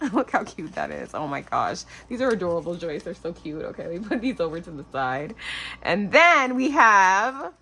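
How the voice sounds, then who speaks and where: A woman's voice: fairly low pitch, normal speed, slightly rough. A woman of about forty hosting a craft channel, chatting casually and gushing over a package of crafting goodies. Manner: gushing, excitable, lots of "oh my gosh". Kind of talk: casual unboxing chat.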